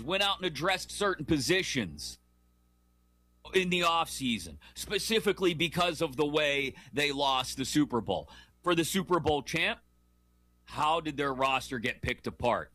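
Man, 30s to 40s, sports talk host. Animated, opinionated, bright tone, dry sound. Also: a little high, no echo. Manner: animated, jokey, emphatic.

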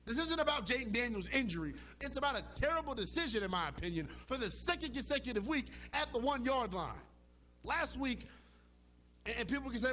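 A man's voice: very high voice, very animated, fairly quick, sharp tone, slight background noise. A man hosting a sports talk show, arguing with emphatic, impassioned delivery and casual slang. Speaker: sports radio host.

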